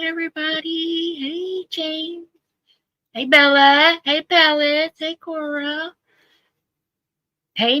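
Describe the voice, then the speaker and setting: Hosting a casual livestream, a woman greets viewers by name and laughs at her own stories as she chats. Her voice sits high with a sharp tone, and the recording is rough but free of echo.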